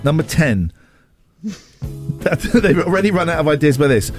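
A man's voice: fairly high pitch, big pitch swings, a little slow, soft background music. A man hosting a radio show, reading out a silly list with playful, giggly banter. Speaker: radio host.

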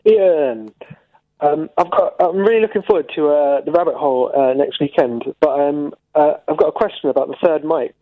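A man's voice: on the high side, moderate pace, no room sound. A man phoning in to a radio show, hesitant and fretful, with lots of ums. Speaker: radio caller. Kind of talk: casual phone-in chat. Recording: tinny phone line.

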